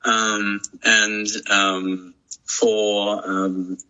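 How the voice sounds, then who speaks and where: A man's voice: fairly low pitch, flat delivery, drawn-out words, pushed and bright, smooth, dull audio. A man, a podcast guest talking casually and reflectively, with many restarts and fillers. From England. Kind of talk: casual chat.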